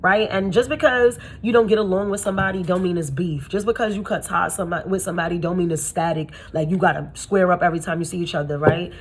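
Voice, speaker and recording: A woman's voice: steady tone, fast talker, few pauses, slight background noise. A young adult woman, a spiritual reader, giving blunt, profane and slangy advice in a casual monologue. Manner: acts out quoted people in high gushing voice.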